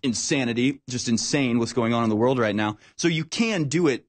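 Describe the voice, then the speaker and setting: A man's voice: mid-range voice, a little fast. Emphatic male talk show host. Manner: animated, emphatic, repeats words when worked up. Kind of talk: casual political talk.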